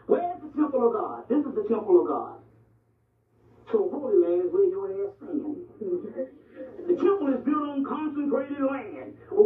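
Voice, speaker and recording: Over a tinny, echoey, distant line that sounds like a phone, a high-voiced man lectures animatedly in street talk about ancient Egyptian history and religion. He is blunt and profane and repeatedly asks "you see what I'm saying."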